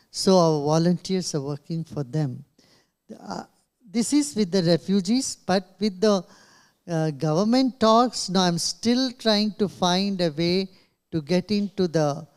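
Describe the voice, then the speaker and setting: A man's voice: fairly high pitch, darkish tone, clear, resonant tone. A man with an Indian English accent answering questions at a press club in short, earnest phrases. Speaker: guest speaker, spiritual leader.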